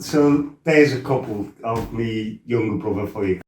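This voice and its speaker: A middle-aged man tells his life story as a former fighter, bluntly and with lots of swearing, acting out his own shouts. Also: fairly low pitch, measured pace, few pauses, slight background noise. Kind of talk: casual storytelling interview. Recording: roomy, mic set some distance off.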